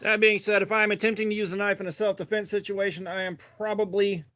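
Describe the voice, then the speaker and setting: Bright, high-voiced man chatting. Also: little pitch movement. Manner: joking, rambling, quick asides. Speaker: livestream host. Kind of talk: casual live chat reading comments.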